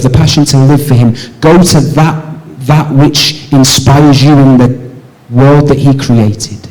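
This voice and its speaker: A man preaching a church sermon, asking the congregation rhetorical questions and moving between raised emphatic lines and soft, low passages. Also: poor audio. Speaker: pastor.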